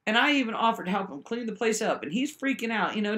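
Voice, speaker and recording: A woman telling a rambling personal story to the camera, swinging between high exclaims and low mutters and often checking in with the listener. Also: lively intonation, fast, hardly any pauses, fairly bright tone. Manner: keeps checking in with the listener with "right?".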